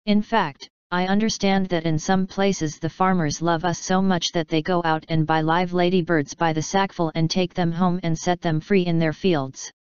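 A woman's voice: lowish voice, fairly even intonation, moderate pace, few pauses, smooth, no echo, close to an everyday voice. Prim, genteel ladybird, read by a woman. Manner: polite, prim and refined. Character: genteel, modest female ladybird, proud of her nine spots. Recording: slightly dull, dry recording.

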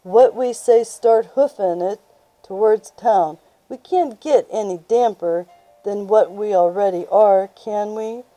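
A kindly old veteran who speaks in a slow, unhurried rural drawl, as a woman reads him aloud. The tone is very dark and mellow, and the room is dry and close. It sounds like a storybook reading. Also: medium pitch, no room sound, faint music behind, natural voice, rough recording. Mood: folksy. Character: old male war veteran, folksy and kindly.

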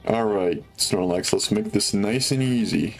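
Young male let's-play host, low-ish voice, casual upbeat gameplay chatter. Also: unhurried, soft background music. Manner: chatty and upbeat, talks to viewers, many fillers.

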